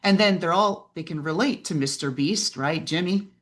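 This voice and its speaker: Animated woman mentor telling stories. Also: lowish voice, normal speed. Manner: lively storyteller who acts out quoted voices and often asks "right?". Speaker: podcast guest and business mentor. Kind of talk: animated interview conversation.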